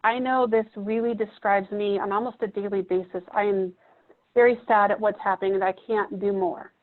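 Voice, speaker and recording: A woman's voice: medium pitch, fairly even intonation, moderate pace. A woman gives a reflective teaching talk to a room of therapists, putting questions to the audience. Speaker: presenter at a training. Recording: muffled phone-like audio.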